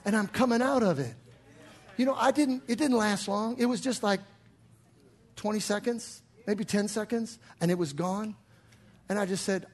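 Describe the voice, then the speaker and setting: An older man preaching a sermon in a church, animated, swinging from hushed talk to shouts. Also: high-pitched, normal speed, pauses often. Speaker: pastor.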